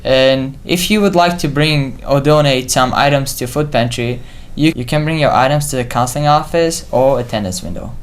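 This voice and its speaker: A teenager co-anchors a school news segment in a calm, understated way. The voice sits at a middle pitch, with occasional stumbles. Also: moderate pace, hardly any pauses. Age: teens.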